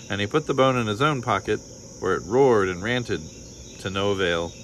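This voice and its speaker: A man reading a children's picture book aloud in a calm, measured storytelling voice. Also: fairly low pitch, slight background noise, rough recording.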